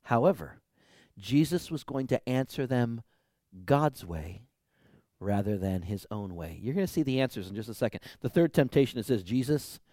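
A male preacher giving a sermon, lively and conversational with his congregation. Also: medium pitch, normal speed, no echo, clean studio sound.

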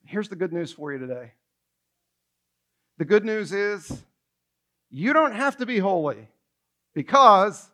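High-voiced, animated male pastor preaching. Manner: animated, conversational preaching with rhetorical questions. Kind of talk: sermon.

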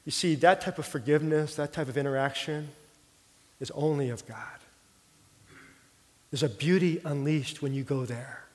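A middle-aged man preaching a sermon, telling a personal story in an earnest, heartfelt way and sometimes dropping his voice soft. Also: fairly high pitch, brisk, hardly any pauses. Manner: earnest storytelling, drops soft for quoted prayer. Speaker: pastor. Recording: long hall reverb.

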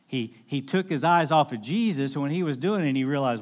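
A male pastor delivering a sermon, retelling a scripture story with energy. He slips into little acted-out voices for the people in the story. His voice sits somewhat high for a man. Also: brisk.

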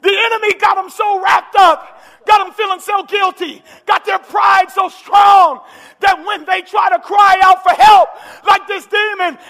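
A man preaching to a congregation, his voice pitched very high and bright as he drives into shouted, urgent climaxes. The sermon carries through a large hall with a long echo, and a crowd can be heard faintly behind him. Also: level tone, a little slow, creaky. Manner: impassioned, shouting climaxes with call-and-response urgency. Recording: echoey church hall with crowd.

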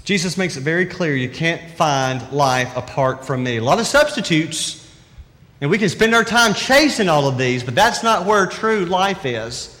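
A man's voice: on the high side, animated, moderate pace, sharp tone. A man preaching a sermon as a pastor, in a conversational and emphatic way with rhetorical questions. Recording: reverberant hall.

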